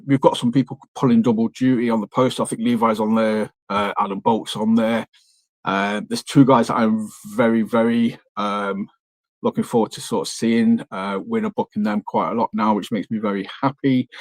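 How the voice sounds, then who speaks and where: A man's voice: lowish voice, steady tone, moderate pace, no room sound. A man hosting a podcast in easygoing conversation, chatty and enthusiastic, with plenty of fillers and restarts. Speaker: podcast host. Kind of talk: casual wrestling podcast chat.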